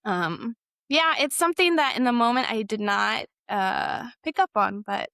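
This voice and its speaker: A woman's voice: on the high side, expressive, unhurried, bright, forceful tone, no room sound. Young woman telling her story, dry. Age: young adult. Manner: hesitant, with frequent fillers and self-corrections. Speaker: guest sharing a personal story. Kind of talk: candid personal storytelling.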